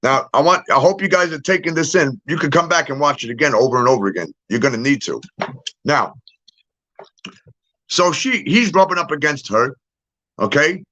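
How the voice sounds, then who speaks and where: A middle-aged man with a slightly high voice speaks in a casual monologue to his followers. He sounds emphatic and insistent, tags his points with "okay?" and "all right?", and moves about as he acts things out. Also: lively intonation, normal speed, pauses often, bright, forceful tone, dull audio. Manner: moves around, gets up to act things out. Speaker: social media commentator.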